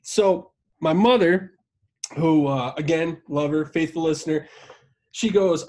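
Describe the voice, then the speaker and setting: A man hosting a podcast, telling a story in casual chat. He is animated and profane, and he acts out the voices he quotes. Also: on the high side, unhurried. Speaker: podcast host.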